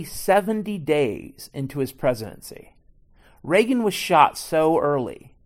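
A man's voice: a little high, big pitch swings, unhurried. A middle-aged man delivering a profane, rambling, sarcastic comedic rant as a podcast host.

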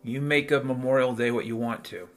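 A man's voice: medium pitch, steady tone, a little fast, soft background music. A man hosting a solo commentary show, ranting in a profane, sardonic way. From United States. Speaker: podcast host.

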